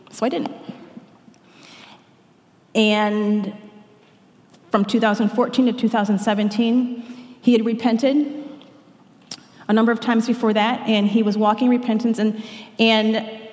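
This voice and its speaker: A woman's voice: mid-range voice, a little mellow. A woman sharing an earnest church testimony, breaking off and restarting now and then, with prayers quoted along the way. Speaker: speaker giving a testimony. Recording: echoey hall, long reverb.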